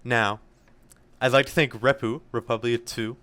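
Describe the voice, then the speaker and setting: A man's voice: mid-range voice, fairly even intonation, unhurried, fairly bright tone, dry recording. A young man co-hosting a podcast, giving rambling, jokey thank-yous to listeners. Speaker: podcast co-host. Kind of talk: casual chat, listener shout-outs.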